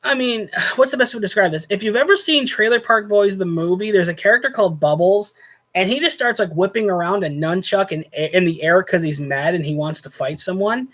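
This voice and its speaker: A man's voice: high-pitched, a little fast, a bit bright. A man hosting a casual show, telling a story from his hotel night shift and acting out both sides of the argument with growing indignation. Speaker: host, former hotel night clerk.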